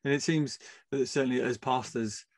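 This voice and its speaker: A man hosting as a pastor, speaking in a measured, thoughtful way. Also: medium pitch, steady tone, no echo, clean studio sound. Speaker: pastor, host. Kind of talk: reflective interview questions.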